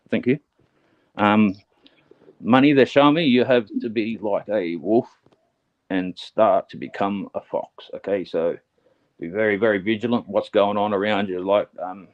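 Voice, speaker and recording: A nervous man doing his first live psychic reading, gentle and halting, full of fillers and restarts. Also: on the low side, highs cut off. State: nervous, first time on air. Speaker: psychic medium.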